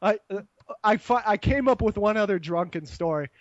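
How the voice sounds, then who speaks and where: A man's voice: sits high, moderate pace, dry recording, highs cut off. A young man telling a rambling, profane story in casual chat, laughing as he goes. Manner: animated, profane, laughs while telling stories.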